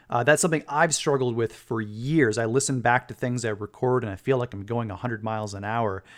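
Man interviewing a radio reporter. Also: mid-range voice. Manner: supportive, asks follow-up questions. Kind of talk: conversational interview.

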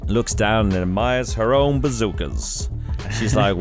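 A man's voice: fairly low pitch, measured pace, faint music behind. A man hosting a comedy podcast, telling an improvised story with frequent laughs. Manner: laughs often, animated.

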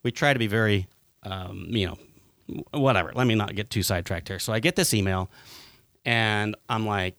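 Animated, swearing podcast host man. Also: on the low side, fairly quick, dry recording, studio quality. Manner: animated storytelling, swearing freely. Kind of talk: casual podcast chat.

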